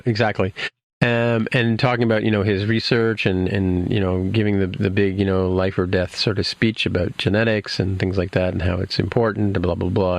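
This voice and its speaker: Low gravelly man recapping an episode. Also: no room sound. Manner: rambling, many fillers and restarts. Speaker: podcast host.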